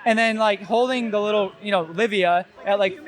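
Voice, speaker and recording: A man's voice: sits high, steady tone, moderate pace. A young man chatting loosely in an interview, his talk full of filler words. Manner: rambling, many filler "like"s. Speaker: gym owner and new father. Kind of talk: casual interview chat.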